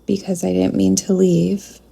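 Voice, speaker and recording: A woman working as a psychic medium, talking softly in a spirit communication session and pausing to address an unseen presence. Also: medium pitch, monotone, gravelly, breathy edge.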